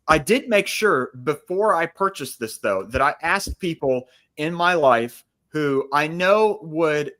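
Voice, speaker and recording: A man's voice: fairly high pitch, lively intonation, fairly bright tone. A man co-hosting a live stream on a video call, telling a story with wry humor and teasing the others. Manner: wry, laughing, quick to tease. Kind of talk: casual live-stream chat.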